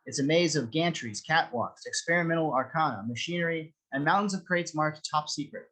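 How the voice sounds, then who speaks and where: A man narrating a script reading, with a steady, descriptive reading of the stage directions. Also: on the high side, brisk, rough recording.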